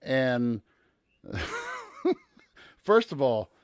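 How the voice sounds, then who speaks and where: A man's voice: mid-range voice, wildly swooping pitch, very slow, no echo, clean studio sound. A man who works as a teacher, co-hosting a podcast in an easygoing, casual way and laughing along. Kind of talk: casual chat.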